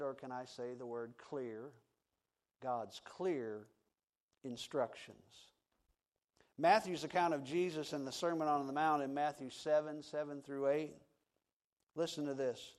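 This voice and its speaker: A man preaching a sermon, swinging from loud emphatic passages to hushed, quiet tones. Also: a little high. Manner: slow, deliberate delivery. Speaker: pastor.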